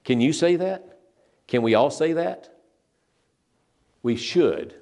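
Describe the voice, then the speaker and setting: This older preacher's voice is fairly high, expressive and a little mellow, with vocal fry. Earnest and emphatic in his sermon, he slows to stress scripture and frequently repeats and restarts what he's saying.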